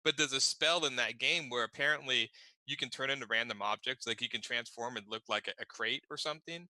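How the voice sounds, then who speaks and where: A man's voice: medium pitch, fairly quick, sharp tone, dry recording, poor audio. A man co-hosting a casual podcast, telling funny stories about video game trolling and laughing at his own anecdotes. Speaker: podcast co-host. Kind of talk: casual chat.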